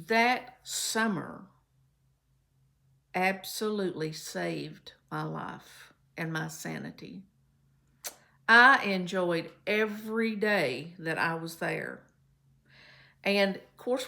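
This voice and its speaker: A woman's voice: on the low side, creaky. A woman from Kentucky, telling a chatty, folksy story to her viewers. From Kentucky, USA. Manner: folksy, chatty, warm storytelling with many fillers. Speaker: vlogger. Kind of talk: casual storytelling to camera.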